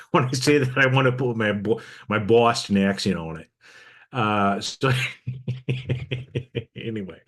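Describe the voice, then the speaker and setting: A middle-aged man hosting a podcast, talking casually and reflectively, often checking in with listeners with a quick "okay?". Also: on the low side, animated. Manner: conversational, frequent "okay?" check-ins with listeners. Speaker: podcast host.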